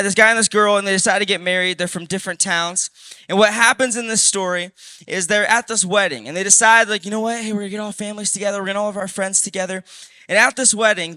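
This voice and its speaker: A man preaching to a youth group, telling a story with lively, animated asides to the crowd. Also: high-pitched, dry recording. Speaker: youth pastor. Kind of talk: sermon. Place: church youth service.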